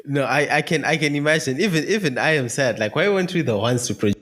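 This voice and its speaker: A man's voice: a little high, lively intonation, fast, a bit bright. A man hosting a podcast in a casual conversation, giving brief affirming replies and sympathetic asides. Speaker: podcast host.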